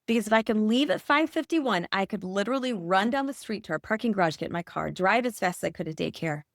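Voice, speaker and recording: A woman's voice: mid-range voice, lively intonation, fast talker, dry recording, clean studio sound. A woman in her forties from Michigan, a podcast guest telling an earnest, emotional personal story. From Michigan, USA.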